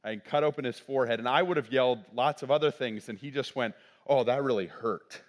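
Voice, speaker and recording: A man's voice: medium pitch, fast. Middle-aged man preaching a story. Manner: conversational, frequent "right?" asides. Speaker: pastor. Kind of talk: sermon with personal story.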